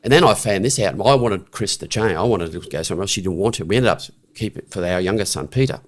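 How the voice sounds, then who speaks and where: Fast and expressive with a lowish voice, a middle-aged Australian podcast guest shares a story. He talks bluntly and frankly in conversational fashion, restarting and regularly tossing in "right?".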